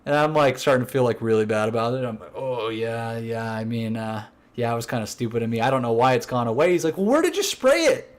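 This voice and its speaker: A man's voice: medium pitch, fast talker, hardly any pauses. A young man casually telling a prank story as a podcast co-host, acting out what his coworkers said. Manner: animated, acts out quotes of coworkers; laughs while telling the story.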